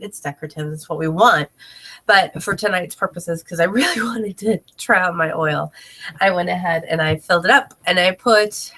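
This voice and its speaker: A woman's voice: mid-range voice, sharp tone. A woman selling home products, a bit congested, telling a chatty story to camera at home and laughing often. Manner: chatty, laughs often, talks to her child between sentences. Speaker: direct sales consultant. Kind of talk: casual video tutorial. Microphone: camera mic, talking to camera.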